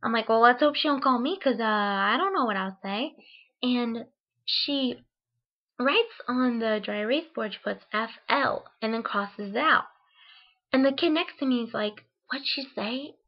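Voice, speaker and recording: Young woman from ohio rambling through a funny story, kinda high voice, lots of likes and ums, dull lo-fi sound. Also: lively intonation, unhurried. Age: young adult. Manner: chatty, lots of "like" and "um", acts out her own reactions. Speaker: vlogger. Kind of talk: casual storytelling.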